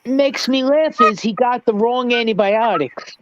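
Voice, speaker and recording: A woman's voice: on the high side, unhurried, muffled recording. A woman on a casual gossip panel, blunt and laughing at her own stories.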